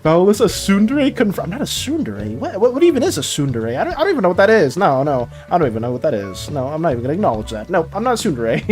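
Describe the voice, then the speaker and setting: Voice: mid-range voice, sing-song, quick pace, faint music behind. A streamer chatting casually with viewers while drawing, stammering and repeating words, emotional and flustered.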